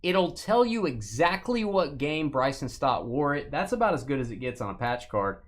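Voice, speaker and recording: A man's voice: medium pitch, big pitch swings, moderate pace. A man hosting a live sports card break stream, chatting casually with playful, rambling jokes. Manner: playful, rambling, jokey asides while opening packs.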